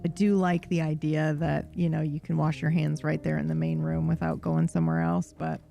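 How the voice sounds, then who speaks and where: A woman's voice: low-pitched, flat delivery, a little fast, gravelly, mellow, soft background music. A woman livestreamer in casual chat, rambling and swearing freely with a self-deprecating streak.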